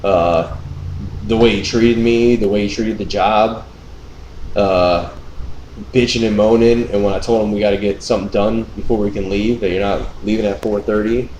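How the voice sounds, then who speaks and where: A young man hosting a casual podcast, telling a long, profane, animated story about a lazy coworker. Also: fairly low pitch. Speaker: podcast host. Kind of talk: casual chat. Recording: echoey room, faint noise.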